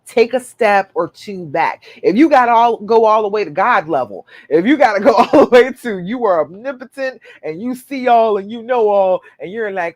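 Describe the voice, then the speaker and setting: A woman's voice: medium pitch, animated, moderate pace, hardly any pauses, no room sound. A woman hosting a live relationship-coaching show, answering viewer questions in an earnest, encouraging way and acting out imagined inner voices.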